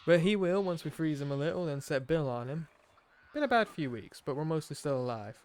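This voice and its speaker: A man putting on a gruff cowboy drawl to read an outlaw's journal aloud. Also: high-pitched, huge pitch swings, normal speed, fairly bright tone, pitched above the performer's own voice, heavily acted. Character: rough male frontier outlaw writing in his journal. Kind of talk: reading aloud in a put-on accent.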